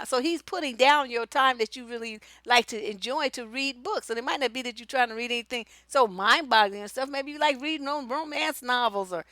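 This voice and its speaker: A woman relationship coach giving blunt, profane, animated advice in a casual talk. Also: a little high, fast, few pauses, no room sound, studio quality. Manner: blunt, profane and animated, acts out quoted voices.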